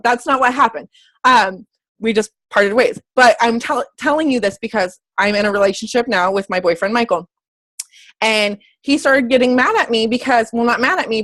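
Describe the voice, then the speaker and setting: A woman's voice: fairly high pitch, dry recording. Bubbly, chatty woman fitness coach. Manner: bubbly and chatty, with frequent self-corrections; excitable, squeals when happy. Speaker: fitness coach leading her team. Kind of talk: casual motivational talk to a team.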